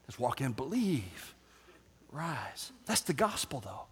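A male pastor preaching a sermon, swinging between hushed, quiet stretches and loud shouting, with joking asides. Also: medium pitch, sing-song, slow, husky. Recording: long hall reverb.

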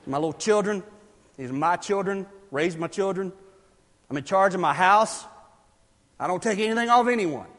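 A man preaches in a high, bright-toned voice, swinging between quiet asides and loud, emphatic bursts. His words ring out with a long reverb, as if recorded in a large hall. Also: lively intonation, normal speed, long pauses. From South Carolina, US. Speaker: pastor. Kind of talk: sermon.

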